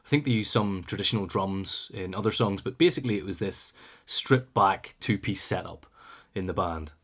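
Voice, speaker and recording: A man's voice: low-pitched, moderate pace, a bit bright. A man hosting a music radio show, talking casually about bands with frequent ums and uhs.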